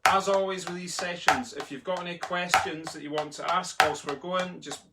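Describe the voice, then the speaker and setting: A man's voice: sits high, steady tone, normal speed. A man teaching a live online drumming lesson from home, chatty and chanting the sticking aloud as he plays. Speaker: drumming tutor. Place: home room. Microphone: laptop in front of him. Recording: noisy, with drumstick clicks behind.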